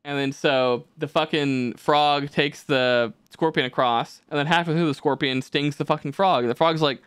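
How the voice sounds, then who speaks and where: A man's voice: fairly high pitch, steady tone, moderate pace, hardly any pauses, a bit bright, clean tone, no room sound, clean studio sound. A man co-hosting a podcast, rambling casually with lots of swearing and fillers. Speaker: podcast co-host.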